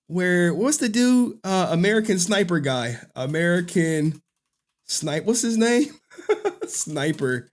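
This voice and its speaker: A man's voice: a little high, darkish tone. Laughing, rambling male streamer. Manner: rambling, laughing often, searching for words. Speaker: livestream host. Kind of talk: casual live-stream commentary.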